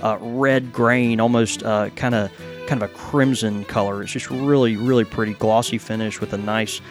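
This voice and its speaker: A man's voice: lowish voice, fairly even intonation, soft background music. A man co-hosting a casual pipe shop podcast, describing products with lots of fillers and restarts. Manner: halting, many fillers and restarts.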